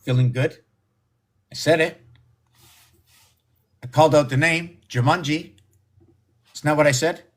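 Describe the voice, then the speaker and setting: A man hosting a live stream, rambling excitedly and often slipping into a squeaky high falsetto. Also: measured pace, pauses often. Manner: excitable, exclaims and gasps. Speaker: livestream host.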